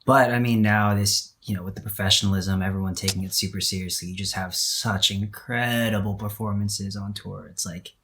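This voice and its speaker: A man hosting a podcast, easygoing in casual chat and quick to laugh along. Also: lowish voice, steady tone, fairly bright tone, a little hiss or hum. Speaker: podcast host.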